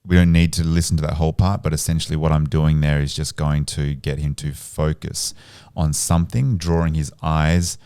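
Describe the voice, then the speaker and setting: A man with an extremely low, gravelly voice, mellow and smooth in tone, explains things calmly and steadily. He sits close to the mic in a dry room. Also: dry recording. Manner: calm, explanatory, measured. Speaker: podcast guest, regression psychotherapist. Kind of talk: casual podcast interview.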